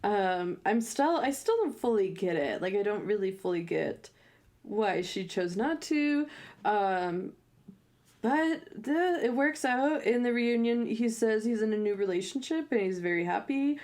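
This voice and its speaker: A young woman talks casually as podcast co-host, in an everyday mid-pitched voice. She rambles a little, filling her sentences with small hesitations. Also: expressive, measured pace, a little mellow. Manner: chatty, many fillers like "like" and "um". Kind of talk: casual chat.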